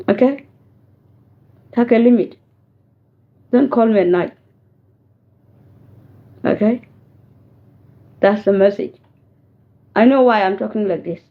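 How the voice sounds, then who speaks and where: A woman's voice: mid-range voice, takes it slowly, long pauses. A woman from South Sudan giving a scolding message direct to camera, mixing languages and warning her listener. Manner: scolding, warning, code-switching. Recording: tinny phone-like audio.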